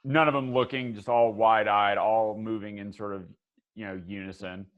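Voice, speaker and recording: A man narrating as game master of a tabletop game, rambling with many fillers and dropping quiet for eerie details. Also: lowish voice, fairly even intonation, normal speed, phone-quality sound.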